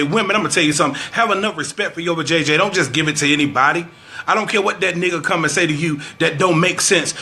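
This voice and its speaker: A man's voice: high voice, bright, forceful tone. Fervent preacherly man venting frustration. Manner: fervent, preacherly, scripture-quoting exhortation; frustrated, repeats phrases for emphasis. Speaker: vlogger. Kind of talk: preachy social commentary vlog.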